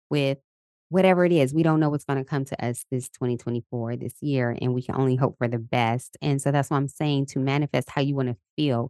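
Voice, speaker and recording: A woman in her thirties talks in an easy, upbeat way, sharing her days and leading her listeners through affirmations. Her voice sits low and full, and she laughs often. The recording is close and dry, with no room sound. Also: a little mellow, no echo. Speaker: podcast host. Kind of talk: casual motivational talk. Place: Los Angeles.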